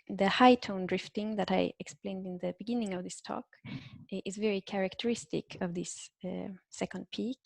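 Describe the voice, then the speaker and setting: A woman's voice: medium pitch, creaky, a little mellow, no echo. A woman giving an academic talk over a video call, hesitant, with many fillers and restarts. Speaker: invited linguistics speaker. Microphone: computer microphone on a video call.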